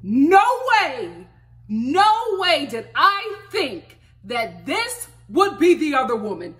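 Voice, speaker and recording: A woman's voice: sits high, big pitch swings, slow, fairly bright tone. A woman vlogger recapping a reality show in casual, gossipy commentary, laughing often and recording on her phone.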